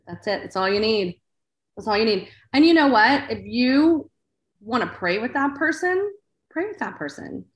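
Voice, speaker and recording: A woman appears as a guest on a faith-based podcast in a casual chat, speaking earnestly and emphatically with words of encouragement. Her voice is fairly high with lively intonation at a moderate pace, and the recording has a roomy echo.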